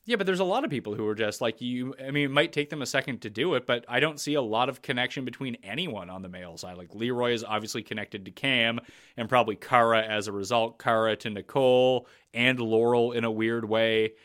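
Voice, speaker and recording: Male podcast host, blunt and opinionated, mid-pitched voice, easy casual chat. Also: fairly quick, a bit bright.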